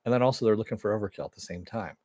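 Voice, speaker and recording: A man's voice: on the low side, racing, a little mellow, dry recording. A middle-aged man casually recapping and reviewing a TV episode, rambling with many fillers and chuckles, and reading chat comments aloud. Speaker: TV show reviewer.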